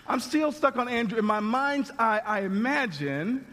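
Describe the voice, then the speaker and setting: A male pastor with an extremely high-pitched voice preaches at normal speed in a conversational, animated style, frequently restarting his sentences. Long reverb from the large hall colors the recording.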